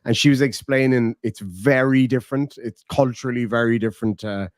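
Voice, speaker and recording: A man hosts a relaxed late-night stream, telling stories full of swearing and laughter. He talks a little fast in a medium-pitched voice, and the recording is dry and clean, studio-style.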